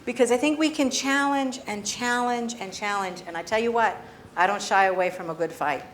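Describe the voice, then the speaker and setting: A woman panelist at a public forum who speaks in a measured, firm way and gives advice. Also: fairly high pitch, a little hiss or hum. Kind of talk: panel discussion response.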